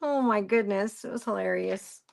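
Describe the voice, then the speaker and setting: A woman's voice: medium pitch, moderate pace, gravelly. A woman presenting a craft live stream, rambling through a story and greeting viewers by name as she works. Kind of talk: casual chat while crafting.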